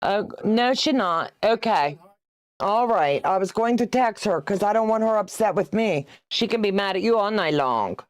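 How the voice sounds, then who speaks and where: In a dry recording, an animated woman in her sixties speaks at medium pitch and moderate pace while hosting a quilting stream. Sewing as she talks, she chats, teases viewers, greets them by name, reads out comments, and laughs often.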